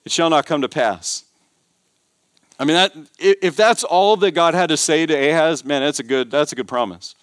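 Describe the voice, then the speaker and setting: A man's voice: on the high side, moderate pace, a bit bright, no room sound, clean studio sound. A man preaching a sermon as pastor, emphatic, repeating words and building intensity. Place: church.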